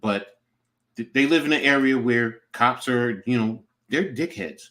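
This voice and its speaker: A middle-aged man with an ordinary mid-pitched voice talks earnestly as a podcast co-host. He gives practical advice in a casual chat, often restarting his sentences as he goes. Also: unhurried, a bit bright.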